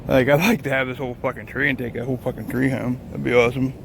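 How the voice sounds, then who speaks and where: Filming on a handheld phone outdoors at a lakeside rest area, a man who drives trucks rambles through a casual walking vlog, swearing nonstop and drifting between thoughts. He talks fast in a creaky, mid-range voice with little pitch movement, and there's background noise.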